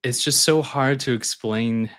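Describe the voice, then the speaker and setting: A man's voice: mid-range voice, a little slow, no echo. A man guest on a podcast, telling stories casually and animatedly, laughing often. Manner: animated, laughs often, acts out voices in anecdotes. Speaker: guest, skydiving instructor. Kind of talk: casual storytelling.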